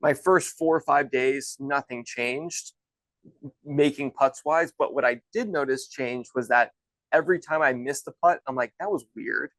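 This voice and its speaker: Relaxed guest in his thirties, rambling anecdotes, mid-pitched, dry sound. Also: normal speed, no room sound, poor audio. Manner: chatty, loose, many restarts and "like". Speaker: guest, golf instructor and former pro golfer. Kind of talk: casual storytelling.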